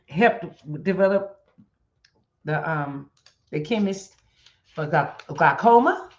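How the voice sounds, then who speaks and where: A woman host talks in a bubbly, excitable way that tips easily into laughter. She turns slow and earnest when she prays. Her voice comes through a dull, lo-fi recording that sounds like a roomy space. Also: fairly low pitch. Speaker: host of a daily devotional video series. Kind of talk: casual chat and spoken prayer.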